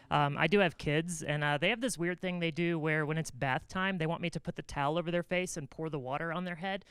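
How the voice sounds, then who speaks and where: A woman's voice: deep voice, fairly bright tone, clean tone, no room sound. A woman comedian performing a stand-up set, telling stories casually with frequent filler words. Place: stage at a comedy venue.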